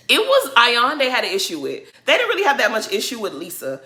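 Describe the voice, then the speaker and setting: A woman with a bright, pushed voice on the high side delivers casual, emphatic commentary in a reality TV recap vlog. She's sassy and opinionated, mocking others by putting on voices.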